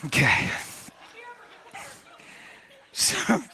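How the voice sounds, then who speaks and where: A man preaching a sermon, telling a story in an animated, jokey way and often exclaiming. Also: extremely slow, noisy background.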